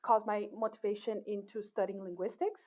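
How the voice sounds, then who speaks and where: A woman academic being interviewed, talking in a thoughtful, relaxed way with many fillers and restarts. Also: medium pitch, fairly quick. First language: not English. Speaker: assistant professor, guest. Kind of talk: casual interview talk. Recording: tinny phone-like line.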